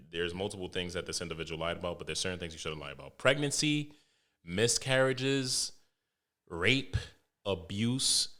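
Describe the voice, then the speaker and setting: A young man hosting a podcast, telling stories in a loose, animated way, swearing heavily and restarting his sentences. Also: low-pitched, clear, resonant tone. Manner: animated storytelling, heavy swearing, frequent restarts. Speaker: podcast host. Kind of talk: casual podcast monologue.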